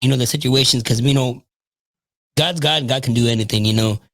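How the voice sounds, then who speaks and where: A man's voice: mid-range voice, a little fast, fairly bright tone, no echo, low-quality recording. A man hosts a faith podcast, talking in a reassuring way and leaning on "you know." His voice sits mid-range. The sound is dry and close. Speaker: podcast host.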